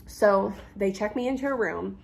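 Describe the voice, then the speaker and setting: A young woman telling a storytime vlog, animated and full of ums, acting out the people she quotes. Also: medium pitch, normal speed, gravelly. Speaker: YouTuber. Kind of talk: casual storytime.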